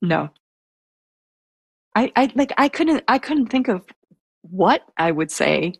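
A soft-spoken woman telling a personal story in a casual interview, hesitant and full of fillers. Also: on the high side, big pitch swings, takes it slowly, vocal fry, husky, no echo. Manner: self-described introvert.

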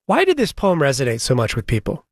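A man interviewing a guest for a news program, asking measured, curious questions. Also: mid-range voice, huge pitch swings, no room sound, studio quality. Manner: measured, inquisitive. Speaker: radio interviewer.

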